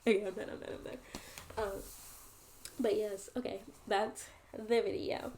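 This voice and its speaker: A woman's voice: mid-range voice, fairly even intonation, measured pace, a little mellow. A woman hosting her own video channel, talking earnestly and reflectively straight to her viewers in a casual, chatty way. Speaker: host and poet. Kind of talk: casual vlog monologue to viewers.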